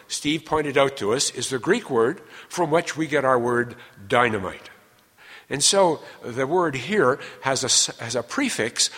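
A man's voice: medium pitch, a bit bright. A man teaching through a Bible passage, earnest and explanatory, stressing key words as he explains them. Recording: long reverb of a large hall.

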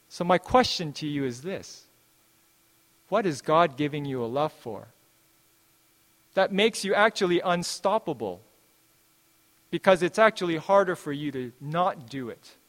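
A man preaching a sermon, earnest, repeating key phrases and slowing down to quote scripture. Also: fairly high pitch, a bit bright. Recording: long hall reverb.

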